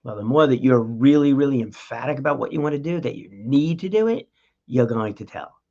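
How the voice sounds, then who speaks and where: A man's voice: mid-range voice, fast, darkish tone, lo-fi sound. A man hosting a talk show, giving an emphatic motivational monologue straight to the listener in a coaching tone. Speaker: podcast host.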